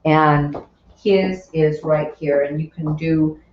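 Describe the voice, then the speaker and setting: Slow-talking woman teaching a cooking class. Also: low-pitched, steady tone. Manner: chatty, explains each step while working, with asides. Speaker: cooking instructor. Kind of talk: live cooking demonstration. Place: home kitchen. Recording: roomy, distant, dull sound with faint kitchen noise.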